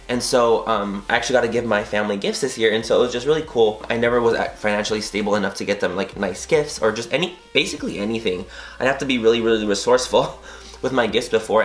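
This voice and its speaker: A young man chatting through a makeup tutorial, animated and rambling, with casual swearing and frequent tangents. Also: on the low side, reverberant. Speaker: beauty vlogger.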